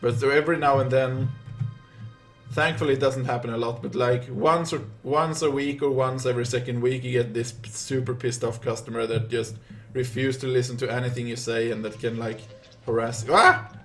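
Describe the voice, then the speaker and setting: A man's voice: mid-range voice, steady tone, a little fast, faint music behind. A young man from Sweden with a Swedish accent, chatting casually on a live gaming stream and rambling through stories with many fillers.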